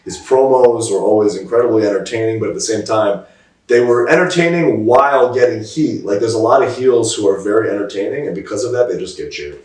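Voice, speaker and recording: A former pro wrestler talking as a guest in a casual interview, animated and quick to slip into impressions. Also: male voice, lowish voice, echoey room, recorded from a distance, rough recording. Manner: animated, drops into impressions of people he talks about.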